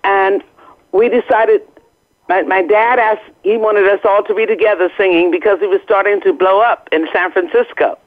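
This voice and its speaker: A woman's voice: medium pitch, fairly even intonation, normal speed. A woman guest talking casually by phone, chatty and laughing often, from outdoors. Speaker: guest singer. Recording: tinny phone line.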